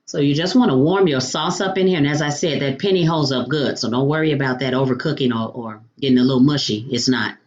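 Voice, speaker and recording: A woman's voice: rumbling low, quick pace, hardly any pauses, a little mellow. Chatty woman cooking-show host, lo-fi sound. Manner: chatty, sprinkles in endearments like honey and baby; playful food exclamations. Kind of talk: home cooking demonstration.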